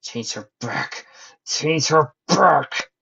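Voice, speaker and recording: A man reading an enraged young male pony fighter who shouts in fury, for a fanfic reading. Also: medium pitch, flat delivery, brisk, husky, muffled recording. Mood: furious. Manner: shouting, furious.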